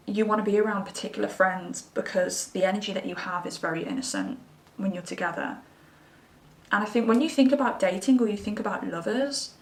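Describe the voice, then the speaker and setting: A woman's voice: mid-range voice, far from the mic. A chatty woman talks through a pick-a-card tarot reading, intuitive and reassuring in her delivery. Her voice sits a little back from the mic and rings in a roomy space. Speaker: tarot reader. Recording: roomy sound from away from the mic.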